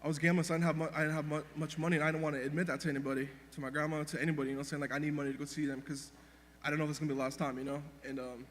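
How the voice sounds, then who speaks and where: Young man, grieving, rushed and halting eulogy, echoey hall. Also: a little high, level tone, a bit bright. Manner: rambling, halting, with many restarts and fillers. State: emotional, grieving. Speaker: grandson giving a eulogy. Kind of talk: unscripted memorial speech. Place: church hall. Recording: reverberant hall, faint background hum.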